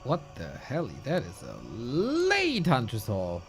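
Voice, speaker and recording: Animated, joking esports caster. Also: mid-range voice, slow. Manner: excitable, joking, thinks aloud. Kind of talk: live game commentary.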